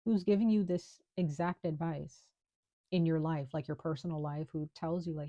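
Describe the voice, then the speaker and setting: A woman's voice: sits low, fairly even intonation, normal speed, mellow, dry recording, lo-fi sound. A woman giving a casual tarot reading in a chatty, reassuring way, full of fillers, at home. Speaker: tarot reader.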